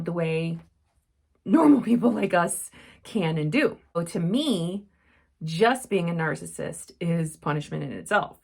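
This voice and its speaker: A woman's voice: lowish voice, gravelly. A middle-aged woman hosting her own channel from her home craft room, telling a story in an earnest, reflective way with many fillers. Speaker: channel host. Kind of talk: casual talk to camera.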